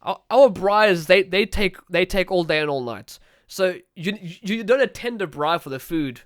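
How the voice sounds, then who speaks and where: A man with a South African accent hosting a casual podcast chat, chatty and laughing often, swearing freely with quick asides. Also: high-pitched, expressive, no room sound, clean studio sound. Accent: South African English. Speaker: podcast host.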